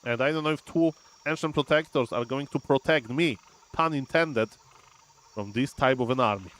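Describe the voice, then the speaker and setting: Male streamer, mid pitch; animated live play-by-play of his own game. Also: moderate pace. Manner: animated, often says "ladies and gentlemen", thinks aloud with fillers. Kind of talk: live gameplay commentary.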